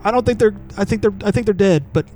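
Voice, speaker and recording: A man's voice: fairly high pitch, normal speed, a little mellow, faint music behind, natural voice. A man voicing a shaken male police officer in a tabletop role-play, stammering and flustered. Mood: panicked.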